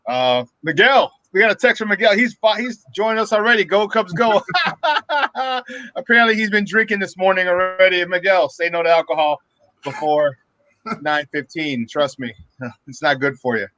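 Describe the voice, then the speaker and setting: A man's voice: high-pitched, moderate pace, bright, forceful tone, poor audio. A man hosting a casual morning sports talk show, upbeat and laughing often as he talks straight to his listeners. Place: remote virtual studio.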